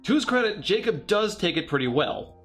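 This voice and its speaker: A man's voice: sits high, big pitch swings, fairly quick, soft background music. Sarcastic male movie reviewer. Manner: sarcastic, mocking asides. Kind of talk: scripted comedic review narration.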